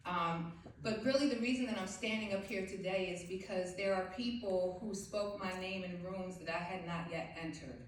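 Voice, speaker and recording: A woman's voice: medium pitch, moderate pace, a little hiss or hum. A woman from South Jersey giving a heartfelt, faith-filled award acceptance speech from a stage. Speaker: award recipient. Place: event hall stage. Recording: very echoey hall, far from the mic.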